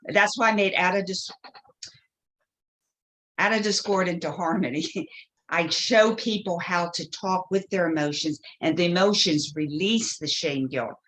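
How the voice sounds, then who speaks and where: A woman with a fairly low voice, talking as a guest about spiritual healing. She tells her stories with feeling and slips into the voices of the people she quotes. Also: a little slow, fairly bright tone. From Polish family background. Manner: storytelling, acts out quoted voices. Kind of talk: spiritual interview chat.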